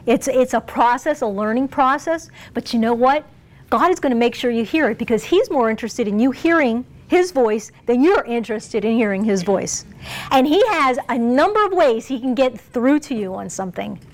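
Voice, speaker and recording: Woman preacher, high voice, chatty sermon, frequent laughs, acts out quotes. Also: expressive, moderate pace. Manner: conversational, laughs often, acts out quoted lines.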